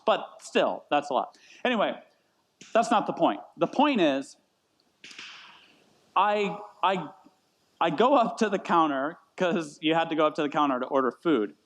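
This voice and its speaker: A man in his thirties preaching a casual sermon, rambling and self-deprecating, often repeating words as he tells stories. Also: on the high side. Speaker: pastor. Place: church meeting in a brewery.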